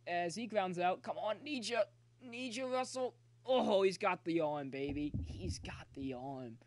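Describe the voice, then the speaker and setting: Excitable young guy streaming a baseball game. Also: high voice, unhurried, no room sound. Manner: excitable, talks to chat, cheers players on. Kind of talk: live gameplay commentary. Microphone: phone.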